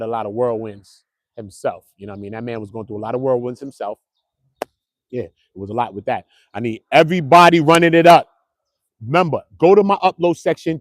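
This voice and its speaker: A man hosting a casual online commentary show, animated and slangy, talking straight to his viewers. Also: mid-range voice, no echo. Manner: animated, slangy, keeps calling viewers bro. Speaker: commentary channel host.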